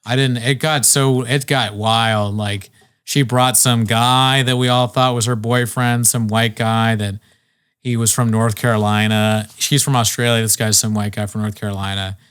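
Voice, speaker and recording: A man's voice: medium pitch, little pitch movement, normal speed, fairly bright tone, clean tone. A young man from Virginia, casually telling rambling comic stories on a podcast and acting out the people he quotes. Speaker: podcast co-host. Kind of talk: casual comedy podcast chat.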